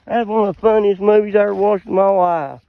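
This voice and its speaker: A man's voice: sits high, steady tone, fast, creaky, no room sound, narrow, tinny audio. A man telling rambling, folksy stories to camera outdoors, laughing at his own jokes. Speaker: outdoorsman showing hunting land. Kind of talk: casual storytelling to camera. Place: outdoors on a ridge trail.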